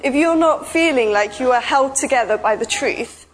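A woman giving an informal, chatty sermon, telling stories with lively asides. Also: sits high, moderate pace. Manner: chatty, animated storytelling with asides. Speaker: preacher.

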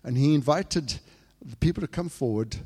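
A man from England preaching a sermon, telling a personal story and swinging between hushed, quiet passages and loud, fervent outbursts. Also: on the high side, moderate pace, breathy edge, in a large hall.

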